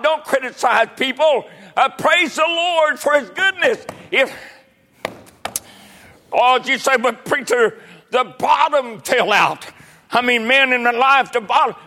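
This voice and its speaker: An older man delivering a sermon with a high, bright voice. He preaches fervently, climbing to ringing shouts and then dropping to hushed, confiding asides. His tone stays sharp and forward even when he speaks softly. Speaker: pastor.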